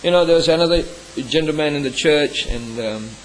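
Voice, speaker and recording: A man's voice: a little fast, slight background noise, rough recording. A man, a pastor, tells a personal story in a sermon, earnest and emotional, sometimes lifting his voice sharply. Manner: earnest, emotional storytelling with sudden rises in pitch.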